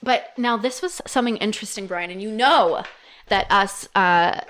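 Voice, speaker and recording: A young non-binary podcast co-host chatting casually, full of "like" fillers and quick laughs. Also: mid-range voice, a bit bright. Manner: chatty, giggly, lots of "like" fillers. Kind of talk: casual chat.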